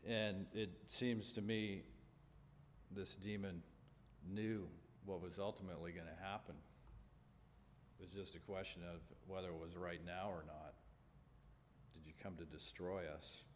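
A man preaching a sermon as pastor to a congregation, earnest and measured, pausing and restarting as he explains a scripture passage. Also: low-pitched, steady tone. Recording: long reverb, faint background noise.

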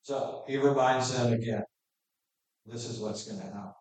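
A man's voice: medium pitch, steady tone, moderate pace, darkish tone. A man preaching a verse-by-verse sermon, reading scripture aloud and then explaining it in a plain, conversational way. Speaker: pastor. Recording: echoey room, voice from a distance.

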